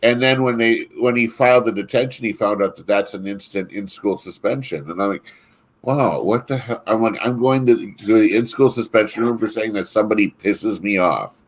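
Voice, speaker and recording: A man with a fairly low voice tells stories in a loose, rambling way, often stopping to restart his sentences. He talks like someone in a relaxed podcast chat among friends. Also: fairly quick, few pauses. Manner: rambling storyteller with frequent restarts and laughter. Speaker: podcast co-host. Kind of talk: casual chat.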